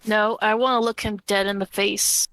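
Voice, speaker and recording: A woman's voice: mid-range voice, little pitch movement, normal speed, fairly bright tone, low-quality recording. A woman playing a tabletop game who speaks firmly and directly in character. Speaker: player. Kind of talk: casual tabletop roleplay.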